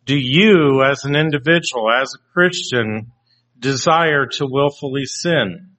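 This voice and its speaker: A man preaching a sermon, slow and deliberate, often putting questions to his congregation. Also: mid-range voice, fairly bright tone. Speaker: pastor. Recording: dull lo-fi recording.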